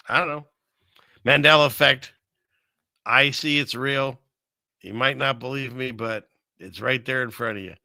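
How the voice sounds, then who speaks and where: Here a man runs a casual livestream, chatting loosely about scripture and conspiracies and reading verses from the Bible out loud. He speaks at a moderate pace with a medium-pitched, bright, forceful voice, and no room sound is audible.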